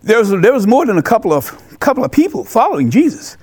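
Male pastor, sermon delivery, emphatic and repetitive, very high and lively voice. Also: fast, husky. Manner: animated, emphatic, repeats key phrases.

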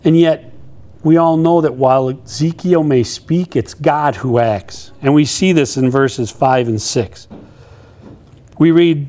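A man preaching a sermon, animated and playful, acting out quotes with humor. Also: fairly high pitch, slow pace. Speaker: pastor.

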